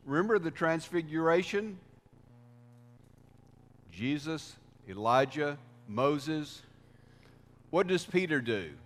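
A man preaching a sermon as pastor, deliberate, with swells of emphasis. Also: a little high, animated, fairly bright tone. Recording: reverberant hall sound.

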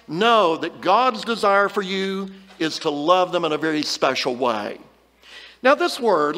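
A high-pitched male preacher delivering a Bible lesson, earnest and emphatic, pressing hard on the key words of the verses. His voice hangs in a long, trailing reverb. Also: bright, forceful tone. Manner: earnest, emphatic, reads scripture aloud with rising stress.

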